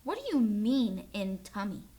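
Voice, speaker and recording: An upset, indignant young boy, as a woman reading aloud puts him on, pleading one moment and protesting the next. The voice swings widely, with a slightly gravelly low edge. A storybook kid who feels wronged. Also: sing-song, measured pace, dark tone, heavily acted.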